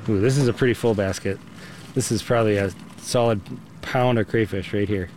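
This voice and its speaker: A man's voice: fairly low pitch, fairly even intonation, fairly quick, background noise. A man who harvests crayfish, talking candidly and casually in interview clips from a small boat on a lake.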